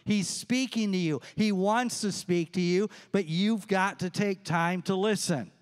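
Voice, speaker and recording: A middle-aged pastor preaches in a fairly high, smooth and resonant voice. He tells stories and acts out the dialogue as he goes. His words ring through a large, echoing church. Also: measured pace. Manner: storytelling with acted-out dialogue. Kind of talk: sermon. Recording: echoey church hall.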